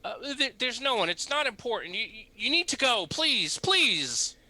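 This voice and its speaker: A man's voice: extremely high pitch, big pitch swings, normal speed, sharp tone, dry recording, pitched above the performer's own voice, heavily acted. A man voicing a frightened village priest who stammers and begs. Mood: panicked. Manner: stammering and begging.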